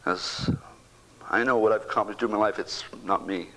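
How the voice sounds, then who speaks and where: A man in his sixties, a bereaved father, giving a halting personal faith testimony that keeps repeating words and slips into whispers. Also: lowish voice, steady tone, fairly bright tone, rough recording.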